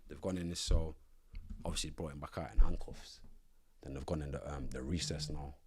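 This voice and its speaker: A man from Nottingham, a podcast guest telling animated stories in heavy street slang and acting out what others said. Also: very deep voice, fairly quick, a crowd in the background. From Nottingham, England. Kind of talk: casual storytelling in an interview.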